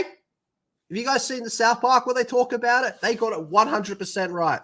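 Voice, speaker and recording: A man's voice: very high voice, moderate pace, fairly bright tone. A young man streaming, chatting and ranting in a casual, profane way.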